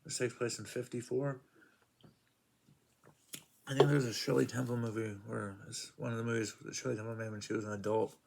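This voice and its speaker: A man's voice: medium pitch, little pitch movement, brisk, creaky, long pauses, very noisy. A man casually reviewing comic books, rambling through plot summaries with many fillers.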